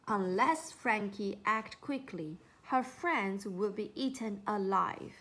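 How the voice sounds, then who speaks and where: A woman narrating a children's storybook in an unhurried, expressive way. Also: mid-range voice.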